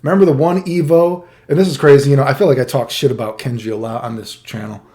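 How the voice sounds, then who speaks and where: A man's voice: medium pitch, fast talker. A middle-aged man telling stories in a casual monologue, swearing a lot and acting out the quotes with laughter. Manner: profane, animated, acts out quotes with laughs. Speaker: streamer telling fighting game stories.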